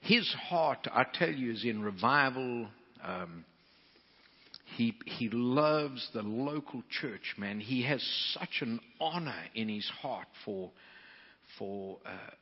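A man preaching to fellow ministers in a folksy, animated way, stumbling over restarts as he talks. His voice carries a long reverb from a large hall, and the sound is dull and muffled. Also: mid-range voice, takes it slowly, breathy edge. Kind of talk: storytelling sermon to preachers.

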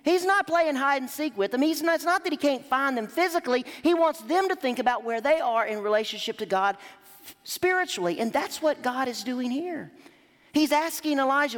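High-voiced woman preacher in a ringing hall. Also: moderate pace. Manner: emphatic, lively rises and drops. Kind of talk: sermon. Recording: long hall reverb.

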